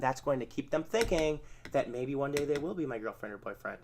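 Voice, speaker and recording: A man's voice: mid-range voice, normal speed, hardly any pauses, a little mellow. A man hosting an informal spoken lesson on therapy skills, talking conversationally and acting out sample phrases. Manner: conversational, acts out sample phrases, self-correcting. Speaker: channel host teaching therapy skills.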